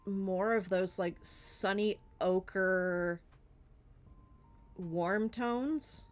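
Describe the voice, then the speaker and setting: Soft music plays behind a medium-pitched Southern woman who talks very slowly. She's a streamer and artist answering Q&A questions, rambling with plenty of fillers and giggles.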